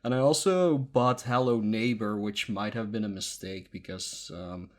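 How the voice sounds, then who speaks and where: A man co-hosting a casual podcast chat, sounding half asleep and talking haltingly. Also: lowish voice. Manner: halting, lots of um and uh fillers. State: sleepy. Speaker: podcast co-host.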